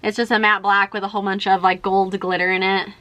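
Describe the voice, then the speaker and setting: A woman's voice: medium pitch, little pitch movement, quick pace, sharp tone, dry recording. A young woman chatting while doing her makeup, telling a long story in a rambling, exasperated way with lots of "like" and "freaking". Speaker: beauty vlogger.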